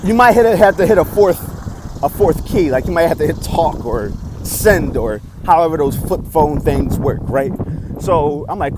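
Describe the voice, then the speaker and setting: A young man telling a story on his vlog, excitable and animated, swinging between loud outbursts and quiet asides as he acts out lines. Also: fairly high pitch, moderate pace, background noise. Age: young adult.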